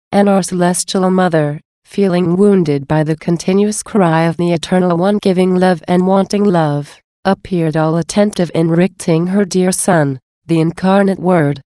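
A woman giving a slow, reverent, measured devotional reading. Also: fairly low pitch, mellow, no echo, studio quality.

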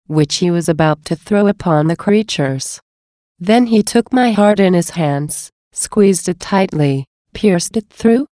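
A woman giving an earnest, measured devotional reading of a mystic's first-person account. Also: on the low side, dark tone, dry recording, studio quality. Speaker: reader.

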